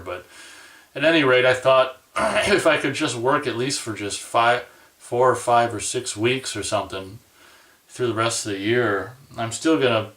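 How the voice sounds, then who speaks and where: A man's voice: fairly low pitch, fairly bright tone, recorded from a distance. Profane ranting man in a roomy space. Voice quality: profane, exasperated, rambling. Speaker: vlogger. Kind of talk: angry personal rant.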